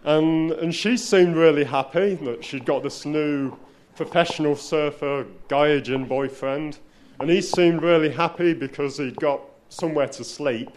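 A man with a slightly high voice tells a personal story live on stage. His delivery is wry and self-mocking, and he often stumbles and restarts sentences as he goes. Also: darkish tone, a little hiss or hum. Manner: self-deprecating, wry, halting with frequent restarts. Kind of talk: live spoken-word storytelling.

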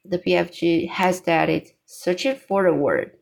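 A woman reading a children's novel aloud chapter by chapter, deliberately, with small stumbles. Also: lowish voice, creaky, darkish tone. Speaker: storybook reader.

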